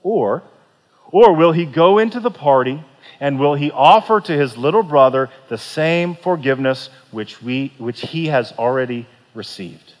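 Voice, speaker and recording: A man's voice: a little high, animated, a little slow. Preaching man in a reverberant hall. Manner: earnest storytelling, rhetorical questions, soft pleading quotes. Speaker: pastor. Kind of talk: sermon. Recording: long reverb of a large hall.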